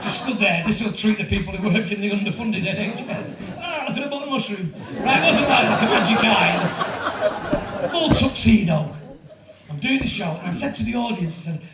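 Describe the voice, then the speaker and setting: A man, telling a profane, animated stand-up story to a laughing audience. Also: high-pitched, very noisy. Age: 50s. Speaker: stand-up comedian. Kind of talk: stand-up routine. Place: large comedy venue with audience laughter. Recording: echoey venue recorded from far off with crowd.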